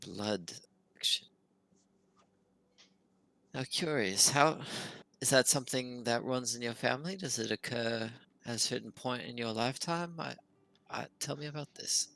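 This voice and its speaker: A man playing a wizard in a tabletop game, talking in character in an earnest, halting, curious way. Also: medium pitch, vocal fry, pushed and bright, no echo. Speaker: player. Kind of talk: in-character tabletop role-play.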